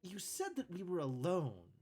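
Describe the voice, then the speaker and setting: A man doing a raised-pitch woman's voice. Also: wildly swooping pitch, measured pace, a little mellow, husky, full character voice. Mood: probing. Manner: pointed, questioning. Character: guarded, practical woman visitor.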